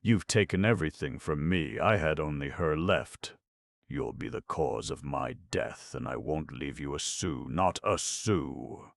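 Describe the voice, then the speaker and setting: Brief: blubbering, drunken old uncle, raging then weeping, played by a man in a very low, gravelly voice. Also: measured pace, full character voice. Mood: tearful. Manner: sobbing, ranting.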